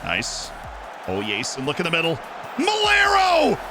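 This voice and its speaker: A young man streaming himself playing a football management game, muttering asides and then shouting with delight when his team scores. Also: medium pitch, normal speed, loud music behind the voice, a loud crowd. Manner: excitable, swings from mumbled asides to shouting at goals. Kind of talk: live gameplay commentary.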